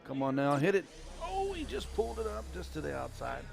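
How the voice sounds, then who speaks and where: A man with an Ozark accent calling a darts match live, folksy, chatty and excitable. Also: fairly high pitch, a little fast, gravelly, over music. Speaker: darts commentator. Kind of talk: live play-by-play commentary. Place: darts venue. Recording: crowd chatter behind.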